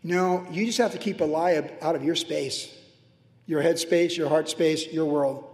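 High-voiced male pastor in echoey hall. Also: steady tone, measured pace, darkish tone. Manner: conversational preaching with humor and asides. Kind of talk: sermon. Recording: roomy hall reverb.

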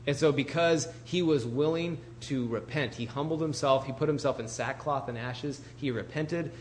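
Male preacher, mid-pitched, chatty Bible storyteller who restarts his sentences, faint hum behind. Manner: informal storytelling with asides and restarts. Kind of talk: conversational Bible teaching.

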